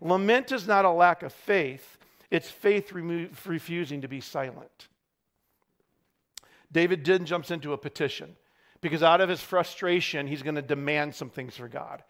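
High-voiced animated man preaching. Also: moderate pace. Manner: animated, acts out cries and dialogue. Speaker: pastor. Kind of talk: sermon.

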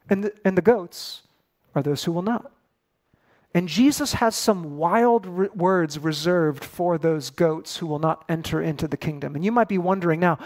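A man in his forties delivers a sermon, talking to his congregation in a loose, conversational way and tossing in casual asides. His voice sits noticeably high for a man. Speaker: pastor.

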